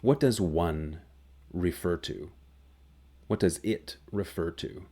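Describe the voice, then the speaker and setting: A man teaching a grammar lesson, explaining slowly and clearly. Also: sits low, mellow. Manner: slow, clear, deliberate explanation. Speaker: English teacher.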